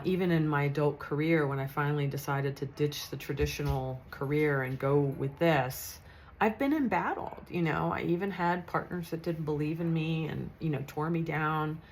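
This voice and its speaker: A psychic medium in her fifties tells a story in a chatty, earnest monologue, frequently restarting her sentences. Her voice is low, and the recording quality is poor.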